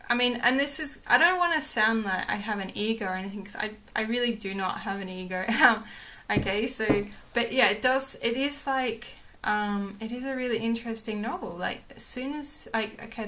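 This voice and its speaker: Bright-voiced young woman vlogging casually. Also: a little high. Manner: rambling, lots of fillers and restarts, laughs often. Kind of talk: casual chat to camera.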